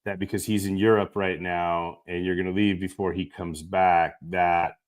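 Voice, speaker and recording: A middle-aged father hosting a casual chat with his daughter, earnest and halting, often breaking off and restarting. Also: low-pitched, level tone. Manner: halting, self-interrupting, earnest. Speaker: podcast host, father.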